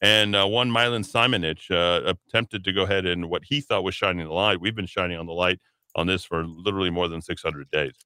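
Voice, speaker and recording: A man rambles through a talk radio segment with a sardonic edge and plenty of fillers. His voice is a little low, bright and clear. The studio sound is dry and close. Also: fairly even intonation, fairly quick, no room sound. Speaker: radio talk show host.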